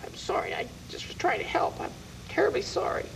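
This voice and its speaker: Man doing a squeaky old witch, fussy, bossy, lively swoops, faint hiss. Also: moderate pace, gravelly, exaggerated voice, rough recording. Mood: whispering. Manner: fussing, bustling, then hushed whispers.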